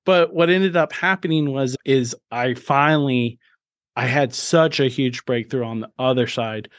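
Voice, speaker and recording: A man's voice: medium pitch, unhurried, no echo, studio quality. Earnest man telling a personal story. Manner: earnest and open, with frequent restarts and emphatic bursts. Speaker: podcast host. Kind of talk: candid personal storytelling in an interview.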